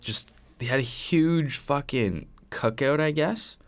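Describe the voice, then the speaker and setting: A man's voice: on the high side, slow. A man co-hosting a casual podcast, telling stories animatedly and swearing a lot. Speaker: podcast co-host. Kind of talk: casual chat.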